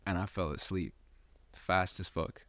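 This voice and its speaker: A young man with a low voice tells a rambling personal story as a podcast host. He swears a lot and drops fillers everywhere. The sound is close and dry. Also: steady tone, unhurried, fairly bright tone, no room sound. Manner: profane, rambling, full of fillers. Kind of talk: casual storytelling.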